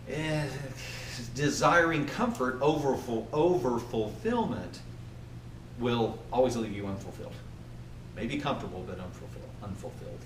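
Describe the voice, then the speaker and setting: A man giving a motivational training talk to a group, animated and often asking his listeners questions. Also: mid-range voice, a little hiss or hum. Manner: animated, asks the audience questions. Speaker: workplace trainer. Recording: echoey room from far off.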